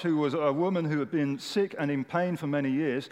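A man preaching a sermon in a relaxed, conversational manner with touches of humor, his voice sitting a bit high for a man. The sound carries a long reverb from the hall he speaks in. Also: normal speed, few pauses. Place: church hall with a large audience. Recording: echoey hall.

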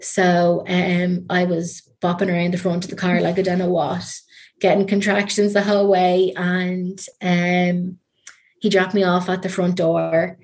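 A woman's voice: lowish voice, completely flat delivery, a little slow, darkish tone. An Irish woman telling a personal story as an interview guest, chatty and full of ums and likes. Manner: chatty, many ums and likes, trailing fillers.

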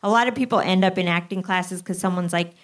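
A woman guest telling a comic story at a live theatre show, deadpan and self-deprecating. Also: fairly low pitch, fast talker. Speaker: comedian guest.

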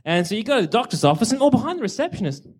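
A man in casual comedic banter, telling playful, animated stories among friends. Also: sits high, racing, husky.

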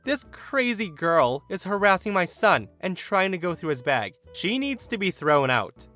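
An entitled, defensive mother, voiced by a man speaks in a dismissive, indignant way. The voice sits fairly high and swoops up and down with outrage. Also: sing-song, unhurried, sharp tone, faint music behind, full character voice. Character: entitled defensive mother, middle-aged woman.

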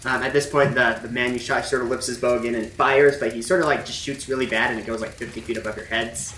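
A man's voice: mid-range voice, fairly even intonation, fast, a bit bright, recorded from a distance, slight background noise. A man running a tabletop game as game master, narrating in a loose, filler-heavy way. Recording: echoey room, off-mic.

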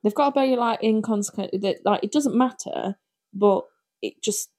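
A female podcast co-host tells stories in casual chat, using a mid-range voice at moderate speed. She's animated throughout and laughs frequently.

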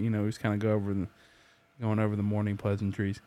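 A man hosting a casual whiskey podcast, telling stories with lots of swearing and animated energy. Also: fairly low pitch, very fast. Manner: profane, animated storyteller. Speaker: podcast host. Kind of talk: casual chat.

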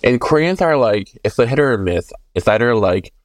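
A man co-hosting a podcast in casual chat, easygoing and unhurried with many fillers. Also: medium pitch, lively intonation, no echo. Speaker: podcast co-host.

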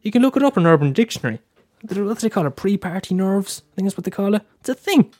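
A man's voice: high voice, expressive, fast talker, darkish tone, no echo. Irish young man, candid and sweary. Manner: candid, swears a lot, stammering restarts. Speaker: podcast host. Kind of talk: casual solo podcast talk.

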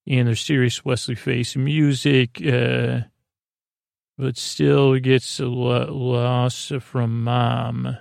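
A man's voice: medium pitch, flat delivery, extremely slow, creaky, darkish tone, clear, resonant tone, no room sound, clean studio sound. A man hosting a sleep podcast, casually recapping in a rambling, self-correcting way. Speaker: podcast host.

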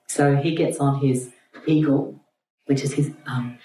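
A woman's voice: rumbling low, steady tone, unhurried, warm tone. A woman teacher retelling a myth to a group in a chatty, irreverent storytelling way. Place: room with an audience. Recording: roomy, distant mic, faint hum.

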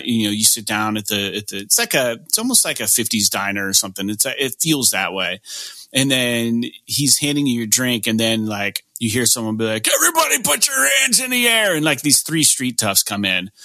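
A man's voice: on the low side, sharp tone, no echo. A man hosting a podcast in casual chat, rambling and cursing freely with lots of fillers. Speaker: podcast host.

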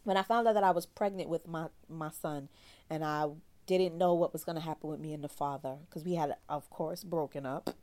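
A woman therapist telling a personal story candidly in a loose, slangy, animated way. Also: low-pitched, brisk. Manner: animated, slangy, acts out quoted voices.

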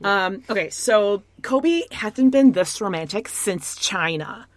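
A woman's voice: medium pitch, animated, takes it slowly, no echo. A woman co-hosting a casual reality show recap, blunt and snarky, mocking the people she talks about. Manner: snarky, blunt, acts out quotes in mocking voices. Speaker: podcast co-host.

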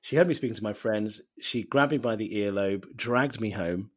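A man from East London, a native Bengali speaker, telling animated, self-mocking stories as a guest in a casual interview. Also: on the low side, normal speed. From East London, England. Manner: animated storytelling, laughs often, self-mocking.

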